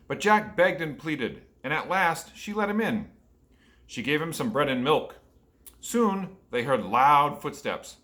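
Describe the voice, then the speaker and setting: A man reads a fairy tale aloud to children, pausing to ask them questions. His voice is bright and forceful. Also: a little high, very animated. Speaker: storyteller for children. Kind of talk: reading a picture book aloud.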